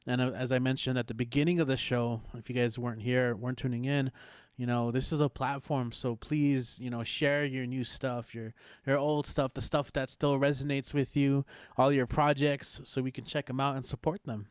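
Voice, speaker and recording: Male open mic host, casual and thankful, smooth clear voice, dry close mic. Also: mid-range voice, level tone, normal speed, no room sound. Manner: laid-back, grateful, rambling. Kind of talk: casual closing remarks. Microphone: video call.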